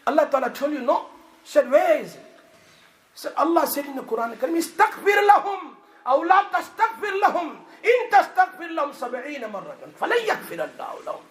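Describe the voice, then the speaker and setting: A man preaching a Friday sermon in a mosque, moving from hushed words to shouts and mixing in Arabic and Hindi-Urdu phrases. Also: very high-pitched, sing-song, fast talker. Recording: echoey mosque room, faint noise.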